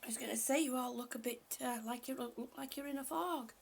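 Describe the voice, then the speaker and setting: A woman hosting a casual live stream, greeting viewers by name, short of breath and breathy, often dropping to a whisper. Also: sits high, a little fast. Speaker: livestream host.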